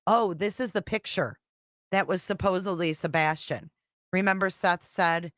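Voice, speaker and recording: A woman's voice: on the low side, moderate pace, dry recording, clean studio sound. A woman hosting a casual livestream, reading text messages aloud in a profane, exasperated, rambling way. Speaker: true-crime commentary host.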